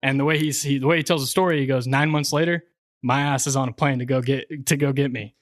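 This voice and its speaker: A young man casually telling a personal story on a podcast, slangy and relaxed, full of fillers. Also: medium pitch, fast talker, no echo. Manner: laid-back, slangy, lots of fillers. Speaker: podcast co-host.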